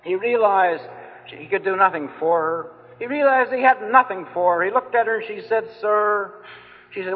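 A man's voice: sits high, moderate pace. A man preaching an evangelistic sermon in a meeting hall, fervent and pleading, repeating his phrases. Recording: old, phone-like, reverberant hall recording.

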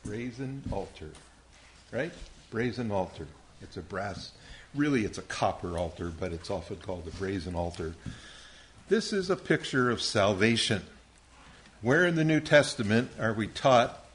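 A man's voice: lowish voice, lively intonation, normal speed, fairly bright tone, a little hiss or hum. Patient man leading a Bible lesson, quizzing young listeners one by one. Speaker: Bible teacher.

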